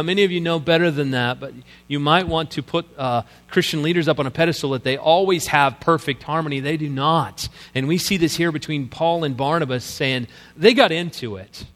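A man preaching a sermon as guest pastor, conversational and animated, acting out the scenes he describes. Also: on the high side. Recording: long church reverb.

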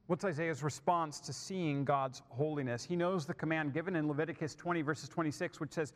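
A man preaching a sermon, building emphasis and then dropping to soft, hushed lines. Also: on the high side, fairly even intonation, brisk, big-room sound.

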